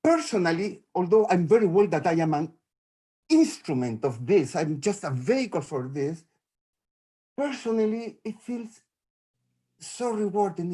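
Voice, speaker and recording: A middle-aged man talking over a video call, sharing something in a halting, heartfelt way with many restarts. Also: sits high, warm tone. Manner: halting, restarts often, grateful and moved. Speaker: audience member sharing in a Q&A. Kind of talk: emotional spontaneous sharing.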